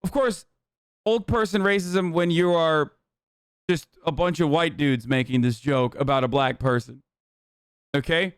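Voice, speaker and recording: A man hosting a stream, reacting in casual commentary, animated and profane, often laughing. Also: fairly high pitch, a little slow, clean tone, no room sound, clean studio sound. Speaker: streamer host.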